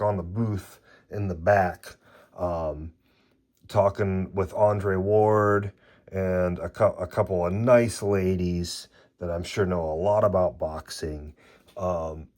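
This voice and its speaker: A man's voice: low-pitched, a little mellow. A man hosting a casual card-opening video, rambling and swearing when he gets worked up.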